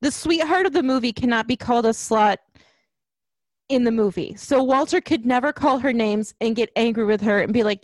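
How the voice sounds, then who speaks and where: A woman's voice: a little high, brisk, dry recording. A woman ranting in casual chat about a film, acting out lines as she goes. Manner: ranting, animated, acts out quotes.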